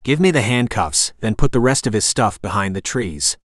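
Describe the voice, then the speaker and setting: Gruff retired SEAL, calm and clipped, read by a male narrator, dry close sound. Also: on the low side, moderate pace, dry recording.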